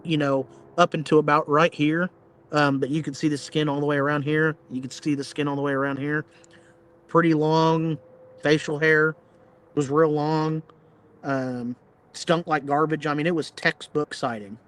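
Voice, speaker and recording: Podcast guest, blunt rambling storyteller, a touch high-pitched for a guy. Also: fairly even intonation, normal speed, a bit bright. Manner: blunt, plain-spoken; rambling, filler-heavy retelling. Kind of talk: casual storytelling.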